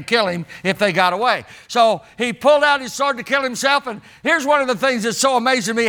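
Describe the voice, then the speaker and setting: High, bright-voiced folksy male preacher. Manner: folksy, emphatic, calls out to the congregation. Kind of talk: sermon.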